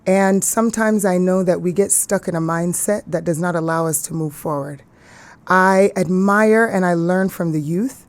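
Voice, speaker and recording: A woman's voice: lowish voice, normal speed. A woman from Ghana, an actress, talking earnestly in an interview and laughing easily. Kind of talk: casual interview talk.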